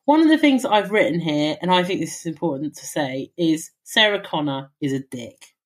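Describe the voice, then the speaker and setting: Woman podcast co-host, lively anecdote-teller, casual and profane. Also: low-pitched, fairly quick. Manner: animated storytelling, swears freely. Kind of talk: casual chat.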